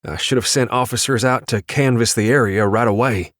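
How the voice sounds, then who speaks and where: A man's voice: mid-range voice, brisk, a bit bright, dry recording, clean studio sound, lightly acted. A man reading an audiobook, voicing a tactical police officer with a clipped, commanding manner. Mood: urgent. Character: tough, terse male tactical police officer. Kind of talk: audiobook dialogue.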